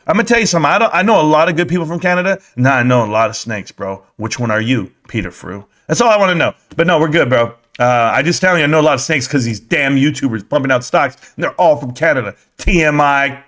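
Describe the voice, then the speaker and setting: Brief: man live-stream ranter, high-pitched, profane, joking, rambling. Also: a bit bright. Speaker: live-stream stock commentator. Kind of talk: casual live-stream rant.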